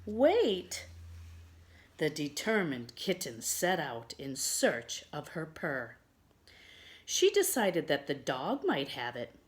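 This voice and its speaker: Slow, expressive woman reading a picture book aloud. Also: low-pitched. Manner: expressive, slow, asides to children. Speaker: children's storyteller.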